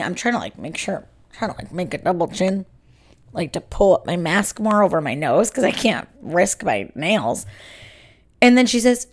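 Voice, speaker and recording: A woman hosting her own podcast, chatting through a personal story with lots of fillers and quick asides. Her mid-pitched voice carries a gravelly fry. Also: very animated, a bit bright. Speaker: podcast host. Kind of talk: casual solo podcast storytelling.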